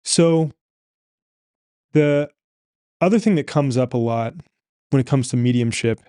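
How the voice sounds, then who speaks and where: A man's voice: medium pitch, unhurried, warm tone, smooth, no echo. A man hosting a podcast interview, affirming his guest and asking long multi-part questions. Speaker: podcast host. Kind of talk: interview conversation.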